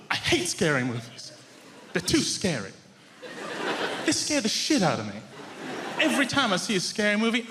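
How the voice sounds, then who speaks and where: A man performing stand-up on a large stage, ranting in an animated, exasperated way. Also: high voice, a little hiss or hum. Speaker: stand-up comedian. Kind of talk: stand-up routine. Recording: live theatre with reverb.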